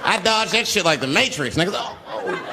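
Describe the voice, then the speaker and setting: A man's voice: high voice, lively intonation, fast talker, crowd noise, noisy background. A man doing stand-up, telling a profane story with lots of acted-out voices. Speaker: stand-up comedian.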